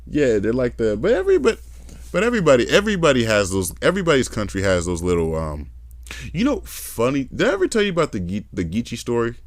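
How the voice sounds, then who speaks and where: A young adult man hosting a podcast, chatting casually and telling animated stories with accent imitations. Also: medium pitch, fast, no room sound. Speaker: podcast host. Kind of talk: casual conversation.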